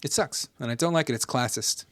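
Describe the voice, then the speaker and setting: A man's voice: mid-range voice, a little fast, a bit bright, dry recording. A man co-hosting a gaming podcast, chatting casually and ranting with lots of profanity. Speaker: podcast co-host. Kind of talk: casual chat.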